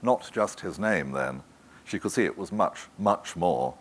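A man narrating a literary novel in a measured, even manner. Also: low-pitched. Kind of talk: scripted audiobook narration.

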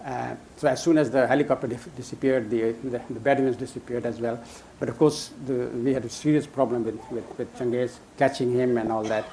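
A man's voice: medium pitch, fairly even intonation, mellow, a little hiss or hum. An older man telling a long anecdote in a casual way, often chuckling and restarting his sentences. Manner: chuckling, halting with many restarts. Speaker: storyteller guest.

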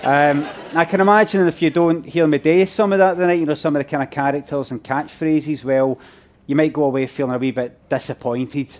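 A man's voice: on the high side, steady tone, brisk. A middle-aged Glaswegian man doing chatty, self-mocking stand-up on stage, talking to the audience. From Scotland. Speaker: comedian on stage. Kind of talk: live stand-up banter with audience. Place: theatre stage. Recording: live venue, crowd noise. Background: audience laughter and murmurs.

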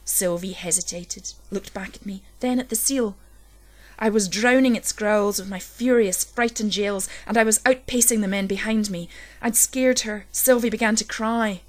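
Female narrator for a dark first-person horror story; low, intense delivery that builds. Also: normal speed. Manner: low, intense storytelling that swells at tense moments. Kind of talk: scripted horror story reading.

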